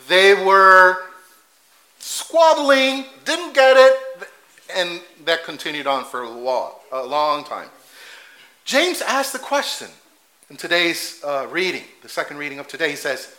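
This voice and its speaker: A man's voice: high voice, bright, forceful tone, rough recording. A man preaching a sermon in a conversational way, laughing at his own asides and correcting himself as he goes.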